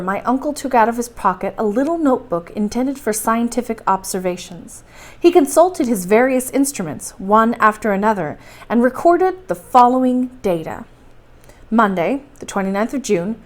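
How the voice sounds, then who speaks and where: A woman's voice: on the high side, lively intonation, normal speed. Woman reading a bedtime story. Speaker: library storytime reader.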